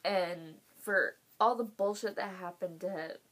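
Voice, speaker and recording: A woman's voice: fairly low pitch, slow, a bit bright. A young woman, hosting a casual reaction video, emotional and swearing, laughing through tears.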